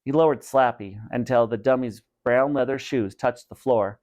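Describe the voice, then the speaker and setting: A man, a teacher, reading a storybook aloud with expressive narration. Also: medium pitch, normal speed.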